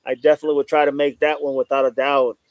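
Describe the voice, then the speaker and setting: A man's voice: medium pitch, flat delivery, fast talker, no room sound. A man hosting a casual live stream, reading out viewer comments and greeting chatters by name, often saying "no doubt about it.". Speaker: livestream host reading chat. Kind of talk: casual livestream chat.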